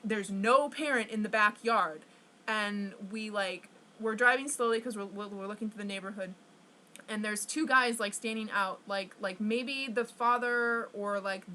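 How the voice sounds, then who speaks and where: A woman's voice: a little high, bright, forceful tone. A young woman venting to her camera, rambling with constant fillers and swearing, stressed and upset. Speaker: vlogger.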